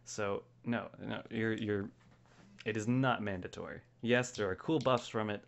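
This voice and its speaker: A man's voice: fairly low pitch, a little slow, gravelly. A man hosting a casual gaming podcast, laughing often and reading out listener mail. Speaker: podcast host. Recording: dull lo-fi podcast audio.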